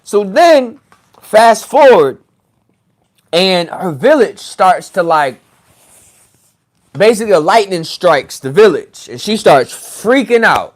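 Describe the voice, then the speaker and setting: A man telling a story in a casual, animated way, swearing and laughing as he goes. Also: high voice, slow, pauses often. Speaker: podcast host, regression practitioner.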